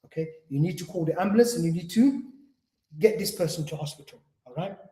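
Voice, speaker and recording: High-voiced guy giving an islamic lecture, repeats himself a lot, echoey hall. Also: quick pace, warm tone. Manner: repetitive, earnest, acts out quoted patients. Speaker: Islamic teacher. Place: lecture room at an Islamic centre. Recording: roomy echo.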